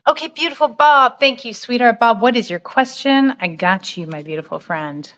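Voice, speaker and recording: A woman's voice: on the high side, normal speed, highs cut off. Affectionate woman giving a live tarot reading. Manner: warm, affectionate, chatty with fillers. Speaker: spiritual reader. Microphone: phone.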